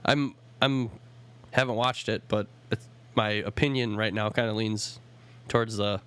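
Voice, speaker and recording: A man's voice: lowish voice, steady tone, unhurried, a bit bright, clear, resonant tone. A man co-hosting a podcast in casual chat, telling stories with frequent restarts. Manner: chatty, storytelling, hesitant restarts. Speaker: podcast co-host. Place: home studio.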